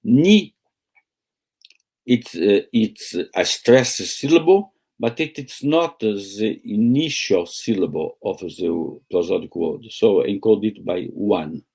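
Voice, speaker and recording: Slow, halting male lecturer. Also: lowish voice, expressive, gravelly, a little mellow, slightly rough. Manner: slow, halting, with many pauses and fillers. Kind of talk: academic lecture. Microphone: video call.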